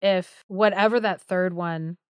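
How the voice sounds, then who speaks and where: A woman's voice: lowish voice, steady tone, measured pace, clear, resonant tone, no room sound, studio quality, natural voice. A woman doing a fretful aging queen. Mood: anxious. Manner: casual, valley-girl paraphrase. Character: worried aging queen longing for a child.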